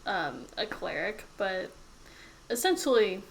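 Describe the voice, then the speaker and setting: A woman's voice: medium pitch, very animated, gravelly, slight background noise, rough recording. A woman running a tabletop game as game master, narrating with frequent laughs and fillers. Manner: laughs often, fills pauses with um.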